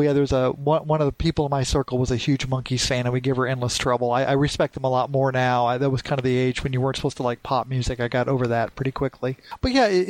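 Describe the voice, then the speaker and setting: A man's voice: mid-range voice, no room sound. A man from downstate Illinois co-hosting a podcast, chatting casually with a wry, rambling manner. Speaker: podcast co-host. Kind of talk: casual chat.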